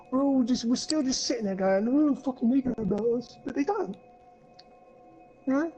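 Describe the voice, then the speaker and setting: A man's voice: very high voice, mellow, muffled recording. A man co-hosting a podcast, ranting in casual chat, swearing a lot and rambling with plenty of fillers. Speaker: podcast co-host.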